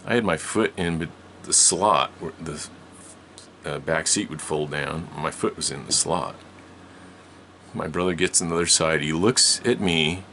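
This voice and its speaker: A man's voice: deep voice, fairly bright tone, slight background noise. An older man telling a long story from his childhood in a rambling way, with many restarts and frequent laughs. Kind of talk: casual storytelling.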